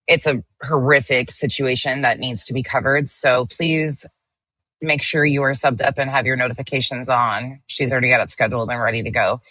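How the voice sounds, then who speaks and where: A woman streamer talks casually to her chat, greeting viewers one by one as she reads their comments. Her voice sits low in pitch but has a bright, forward edge. The sound is dry and close, and her delivery is blunt, with the occasional swear. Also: no echo. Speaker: livestream host.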